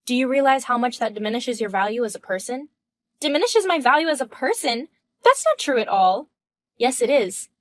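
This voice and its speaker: Woman playing a firm wife in her thirties, higher pitch, cold and questioning. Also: lively intonation, a little fast, close to an everyday voice. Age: 30s. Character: composed wife in her mid-thirties, indignant. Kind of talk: reading a text-message story.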